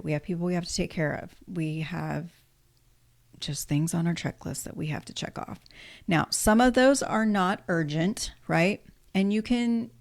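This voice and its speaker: A tired woman in her fifties talks straight to the camera in a casual, candid way. Her voice sits low and has a gravelly fry, and she drops dry sarcastic asides about her own troubles. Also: darkish tone. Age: 50s. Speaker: vlogger.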